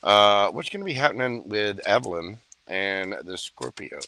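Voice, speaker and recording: A man's voice: on the low side, lively intonation, moderate pace, bright, forceful tone. A man reading tarot on a livestream, joking and chatty in a playful mood. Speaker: tarot reader.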